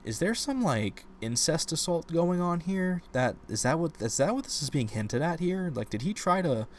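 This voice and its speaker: A man co-hosting a podcast, casually discussing a novel and retelling its scenes in an animated, ranting way. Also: on the high side, moderate pace, slight background noise. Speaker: podcast co-host.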